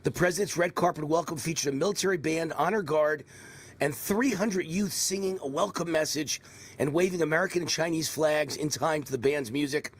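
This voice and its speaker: An older man with a faint New York accent hosts a live political talk show. His voice sits a bit high and sounds husky. He rambles and drifts into mocking asides. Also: brisk. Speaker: host.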